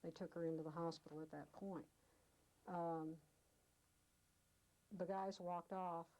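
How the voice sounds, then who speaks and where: Low, mellow-voiced woman telling a story. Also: steady tone, a little slow, low-quality recording. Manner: vivid storyteller, acts out quoted speech. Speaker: oral history interviewee. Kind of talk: storytelling recollection.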